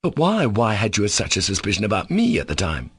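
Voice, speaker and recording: A man voicing a furious, proud young Russian gentleman who shouts commanding accusations in an audiobook reading. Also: on the low side, wildly swooping pitch, fairly quick, breathy edge, full character voice.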